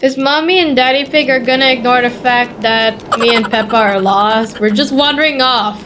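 A woman's voice: a little high, normal speed, noisy background. A woman with a sore throat casually chatting through a video game, playful and teasing. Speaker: gaming video host. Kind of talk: casual gaming commentary. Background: game music.

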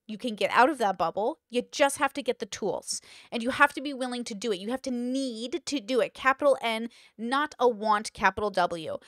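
A woman's voice: on the high side, no echo, clean studio sound. Chatty, emphatic woman podcast host. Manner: emphatic, chatty, with rhetorical questions. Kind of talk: casual monologue.

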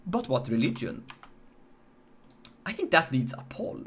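Animated Swedish streamer man. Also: mid-range voice, unhurried, long pauses, slight background noise. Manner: joking, animated, talks to chat. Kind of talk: live game stream commentary.

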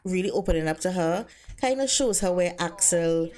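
A woman's voice: fairly low pitch, animated, normal speed, a little mellow. A woman casually narrating her life-simulation gameplay in a chatty, conversational way, saying the characters' lines in her own voice. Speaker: Sims let's play narrator.

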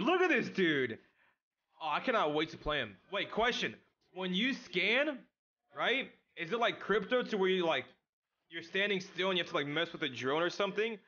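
A young man streaming a video game, chatting casually with his chat in an excitable, slangy way. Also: fairly high pitch, moderate pace, lo-fi sound. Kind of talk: casual live-stream chat while gaming.

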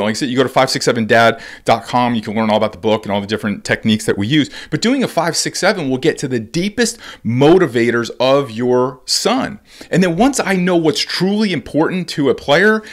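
A middle-aged man hosting a solo podcast as a baseball coach, talking in an animated, conversational way, restarting sentences and acting out what players and coaches say with big jumps in pitch. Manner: frequent restarts and repeated words.

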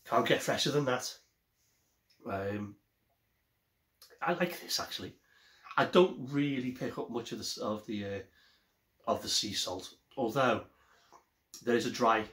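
Recorded in an echoey room, this vlogger's fairly low, slightly bright voice carries a relaxed beer review. He rambles, chats away, and often stops to correct himself.

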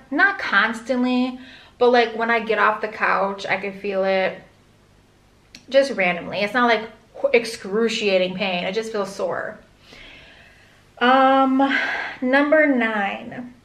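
A young pregnant woman talks candidly to camera, her speech full of "like" and quick asides. Her voice sits a little high, and the room around her has a noticeable echo. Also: fairly bright tone. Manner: chatty, lots of "like", candid and rambling. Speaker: vlogger. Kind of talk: casual pregnancy vlog. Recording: echoey room.

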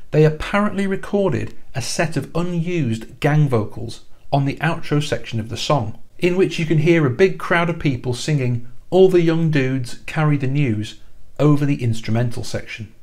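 A man's voice: on the high side, darkish tone. A man, a musician narrating a casual countdown video to camera as an enthusiastic fan, with dry asides. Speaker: music YouTuber and band musician.

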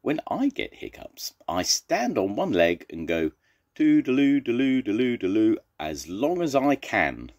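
An eager little elephant from a picture book, excited and earnest, as an older man puts it on. The voice rises well above a deep base and swings widely. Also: unhurried, few pauses, husky, heavily acted.

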